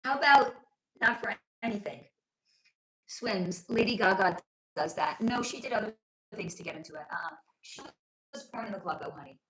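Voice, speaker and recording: A woman hosts a casual livestream, reading comments aloud and calling her viewers honey and sweetie, cursing without a second thought. Her voice is hoarse, as if she is losing it, sitting at a middling pitch. The sound bounces around a roomy, echoey space. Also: lively intonation, moderate pace, fairly bright tone, slight background noise. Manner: chatty, calls viewers honey and sweetie, swears freely. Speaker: livestream host. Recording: roomy echo.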